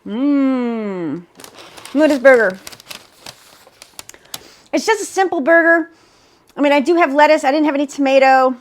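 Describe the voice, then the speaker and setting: A woman's voice: sits high, fairly quick, pauses often, slight background noise. A woman hosting a home cooking video, narrating each step with upbeat enthusiasm. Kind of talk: cooking demonstration.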